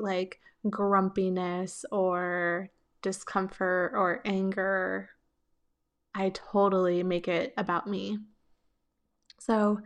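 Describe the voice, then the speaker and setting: A woman hosting a solo advice podcast, speaking in a reflective, gentle coaching tone and laughing lightly between thoughts. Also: medium pitch. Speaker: podcast host.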